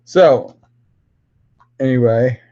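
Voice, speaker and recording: A man's voice: mid-range voice, drawn-out words, dark tone, lo-fi sound. Profane rambling man ranting on stream.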